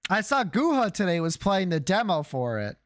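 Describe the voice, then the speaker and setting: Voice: medium pitch, big pitch swings, moderate pace. A streamer chatting casually to viewers while gaming, joking around and swearing freely. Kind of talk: casual game stream chat.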